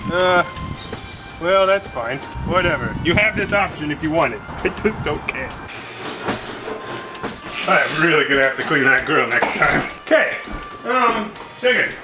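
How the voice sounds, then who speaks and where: A man's voice: a little high, very animated, measured pace, pauses often. A man hosting a casual cooking vlog, laid-back and jokey, rambling as he cooks. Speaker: cooking show host. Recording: roomy sound with background music.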